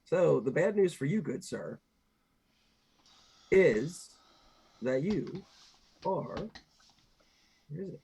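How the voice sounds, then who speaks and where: Husky, lively man at a game table. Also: fairly high pitch, slow, pauses often. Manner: loopy, joking, lively. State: on cold medicine. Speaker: player. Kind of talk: playing a tabletop game online.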